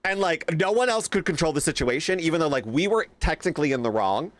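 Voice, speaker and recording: A young man streaming a game, casually reacting to chat and telling animated stories with plenty of swearing. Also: a little high, quick pace, dry recording.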